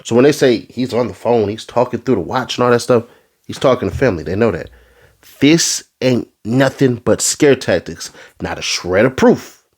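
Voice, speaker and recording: A man doing a casual commentary rant, full of street slang, who swings from low asides into high, exasperated outbursts. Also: lively intonation, moderate pace, darkish tone. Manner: street slang, addresses the audience as bro. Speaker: commentary vlogger.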